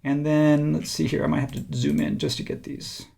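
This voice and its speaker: A man teaching a software design tutorial, thinking aloud casually as he works on screen. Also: a little high, moderate pace, gravelly. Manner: relaxed, thinking aloud while working. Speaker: instructor.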